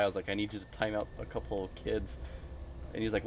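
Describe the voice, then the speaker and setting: A man's voice: fairly low pitch, fairly even intonation, rapid-fire, slight background noise. Goofy, rambling male gaming streamer. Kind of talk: casual game commentary.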